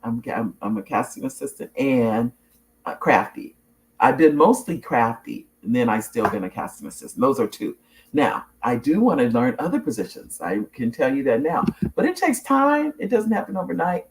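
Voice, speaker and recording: A woman's voice: extremely low pitch, normal speed. A middle-aged woman hosting her own talk show, chatting casually, telling stories with laughs and restarts, and reading out viewer comments. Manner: animated storyteller, laughs often, restarts sentences.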